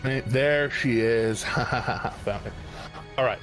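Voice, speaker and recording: A man narrating as game master of a tabletop game, in a halting way with many restarts. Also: medium pitch, fairly bright tone, soft background music. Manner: halting, full of fillers and restarts.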